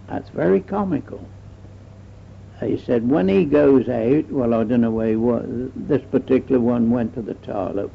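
A man's voice: mid-range voice, creaky, slight background noise. An older man, recounting his war memories in a rambling oral history, often repeating "I said". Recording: dull old archival tape recording.

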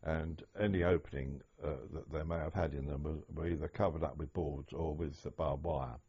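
An older man recalling wartime memories in an oral history interview, speaking haltingly with many restarts. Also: extremely low pitch, fairly even intonation, a little mellow, breathy edge. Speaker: interviewee, former prisoner of war. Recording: dull lo-fi archive tape.

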